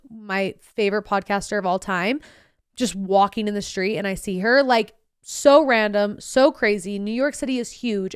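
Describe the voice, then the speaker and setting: A young woman's medium-pitched voice, clean in tone, carries a casual storytelling monologue on her podcast. Chatty, sarcastic, and bubbly, she performs the quotes of others and herself in animated voices, recorded in a clean studio with no room sound.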